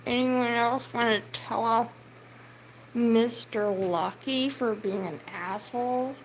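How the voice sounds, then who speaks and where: Woman streamer, high-pitched and deliberate, delivering a heated, profane rant at chat over faint background hiss. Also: low-quality recording. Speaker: livestreamer.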